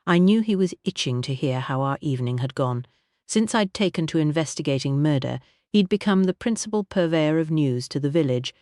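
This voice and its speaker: A measured audiobook narrator reading a classic country-house mystery in an even storytelling voice. The pitch is middling and the recording is dry and close, with no room around it. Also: no room sound. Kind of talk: scripted narration of a mystery novel.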